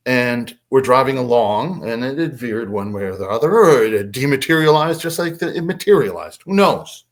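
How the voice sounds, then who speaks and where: A man tells his story with lively, swinging intonation, acting out the voices of the people in it. His voice sits in a middle register and moves around a lot. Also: moderate pace. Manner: lively, acts out quotes with big pitch swings. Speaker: podcast guest. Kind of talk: animated storytelling.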